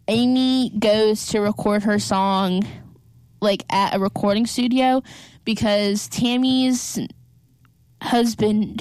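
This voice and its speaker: A young woman hosts a casual recap podcast, speaking in a smooth, mid-range voice with a darkish tone and no echo. She chats loosely and leans heavily on "like" as a filler.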